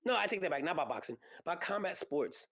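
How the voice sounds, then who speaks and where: A man hosting a podcast, chatting casually and rambling with lots of fillers and excited exclamations. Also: fairly high pitch, quick pace. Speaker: podcast host. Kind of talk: casual solo podcast chat about combat sports. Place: podcast studio.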